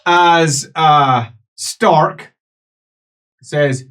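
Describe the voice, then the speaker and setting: A man is the game master of an improvised tabletop game. He narrates in an unhurried, lively voice that rises and falls a great deal, and he keeps dropping into character voices. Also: medium pitch. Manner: switches between many British-styled character voices.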